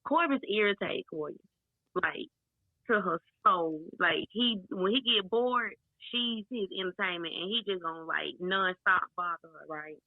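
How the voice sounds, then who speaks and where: Guest phoning in to a chat show, laid-back and rambling, thin phone-line sound. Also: female voice, lowish voice, expressive, measured pace, dry recording. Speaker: guest calling in. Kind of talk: casual chat.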